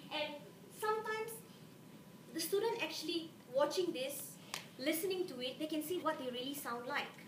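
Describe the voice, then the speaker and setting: A woman's voice: sits high, fairly bright tone. Woman lecturing in an echoey hall. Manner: chatty, keeps checking in with the audience. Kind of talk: conference presentation. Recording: roomy, distant mic, noisy hall.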